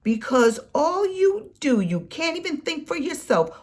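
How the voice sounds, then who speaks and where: A woman delivering an impassioned, scolding political rant in a vlog, preaching and swinging between soft and loud. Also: high-pitched, very animated, a little slow. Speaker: political commentary vlogger.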